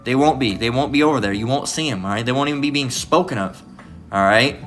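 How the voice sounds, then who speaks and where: A man preaching an informal lesson in a bright, edgy voice. He is emphatic, swears freely and keeps checking in with "all right?". Faint guitar music sits behind him. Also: mid-range voice, fast. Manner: emphatic and profane, repeats "all right?" constantly.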